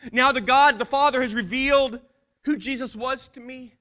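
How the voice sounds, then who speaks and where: Guy doing bold proud fisherman peter, bible monologue, goes from hushed to loud and bragging, high bright voice. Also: steady tone, moderate pace. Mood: boastful, lively. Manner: dramatic swings from hushed awe to loud boasting. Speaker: preacher in character. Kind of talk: first-person dramatic Bible monologue.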